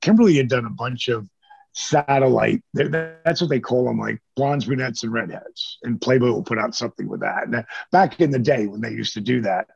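A middle-aged man, a former pro wrestler, telling stories as an interview guest in a lively, casual way and swearing freely. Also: medium pitch, fairly quick, creaky, slightly rough, no room sound. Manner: animated storyteller who acts out quotes, swears freely. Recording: dull lo-fi dry sound.

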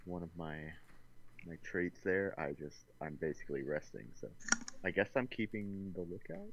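Very deep-voiced man player. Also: animated, normal speed, highs cut off, background noise. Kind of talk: casual tabletop game play.

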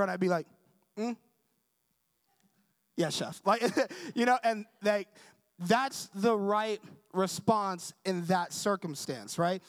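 In a dry recording, a young man with a high, slightly bright voice delivers a sermon as a preacher. Keeping it conversational, he narrates a story while performing its dialogue and repeatedly asks the audience whether they agree.

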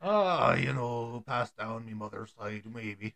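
Man putting on gruff Irish jailbird. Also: mid-range voice, animated, slow, a bit bright, heavily acted. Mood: blustering. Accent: put-on Irish. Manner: mock-tough, blustering.

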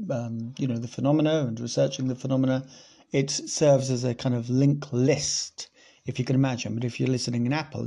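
A man's voice: medium pitch, vocal fry, mellow. A man hosting his own podcast in a casual solo monologue, rambling and self-mocking, joking at his own slips. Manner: rambling, jokey and self-mocking, with many fillers. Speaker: podcast host.

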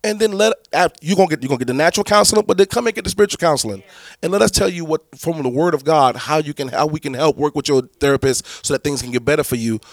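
A man's voice: a little high, fast, dry recording. A man, a pastor, teaching church leaders in a preaching style, emphatic and repetitive with many restarts.

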